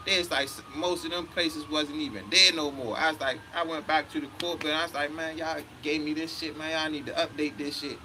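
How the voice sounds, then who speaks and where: A man's voice: a little high, steady tone, a little fast, few pauses, noisy background. Profane, heated man in his thirties. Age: 30s. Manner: profane, heated, quotes himself a lot. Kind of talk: casual storytelling rant.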